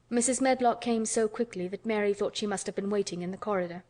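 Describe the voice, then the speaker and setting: A woman narrating a classic novel in an audiobook, her voice even and middle-pitched. She reads at a calm, measured pace. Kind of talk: scripted narration.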